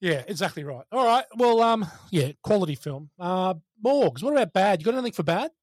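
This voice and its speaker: A man with an Australian accent hosting a casual film review podcast, talking in an animated way, laughing and swearing. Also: high voice, brisk, no room sound, clean studio sound. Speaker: podcast host.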